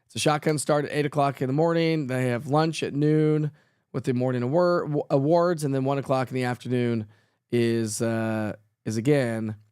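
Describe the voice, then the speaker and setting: A man's voice: medium pitch, fairly even intonation, moderate pace, a little mellow, clean tone, dry recording, studio quality. A middle-aged man, hosting a live weather stream and answering viewers' chat in a chatty way, with many fillers. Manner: chatty, reads viewer comments aloud and answers them; frequent fillers and laughs. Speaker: weather show host.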